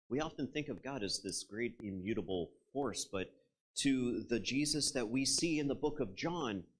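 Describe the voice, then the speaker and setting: A pastor with a mid-range voice preaches a conversational sermon, reflectively retelling a story and turning to his listeners with asides.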